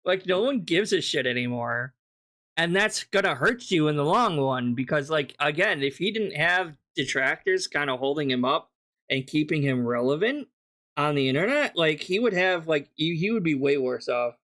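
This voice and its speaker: A man rants through reaction commentary with blunt, profane dismissiveness. His voice sits slightly high for a man, and he talks loosely and casually. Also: lively intonation, moderate pace, fairly bright tone. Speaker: commentary streamer.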